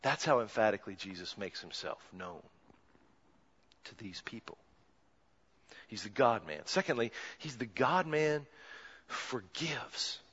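A male pastor giving a sermon, swinging dramatically from hushed lines to loud ones. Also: mid-range voice, expressive, unhurried, long pauses, husky. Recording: dull sound in a reverberant hall.

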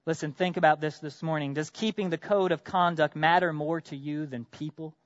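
A man preaching a sermon as pastor, earnest, asking his congregation direct questions, swinging from loud emphatic bursts to quiet drops. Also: a little high, expressive, brisk, hardly any pauses, no echo, lo-fi sound.

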